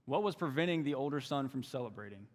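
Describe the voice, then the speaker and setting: A young man giving a sermon as a youth ministry intern, emphatic and repetitive, often dropping into quieter asides. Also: mid-range voice, lively intonation, fast talker. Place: church sanctuary. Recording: long church hall reverb.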